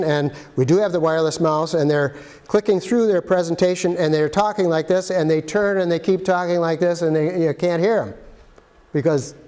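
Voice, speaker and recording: A man's voice: on the high side, darkish tone. A man giving a casual, practical walkthrough of presentation equipment in a room, with chatty asides to the viewer. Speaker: arts facility equipment guide. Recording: long hall reverb.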